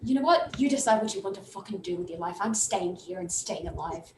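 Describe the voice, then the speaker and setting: A woman's voice: mid-range voice, animated, fairly quick, echoey room, a little hiss or hum, close to an everyday voice, rough recording. A woman voicing a fierce, stubborn woman who scolds and swears in a tabletop game. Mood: scolding.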